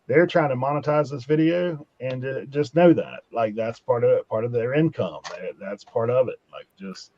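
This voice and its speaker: A man's voice: mid-range voice, animated, moderate pace, few pauses, warm tone, a little hiss or hum. A man joining a podcast chat as a guest, talking earnestly and filling his sentences with lots of fillers. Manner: earnest, filler-heavy advice. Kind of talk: casual live podcast chat. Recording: dull lo-fi audio.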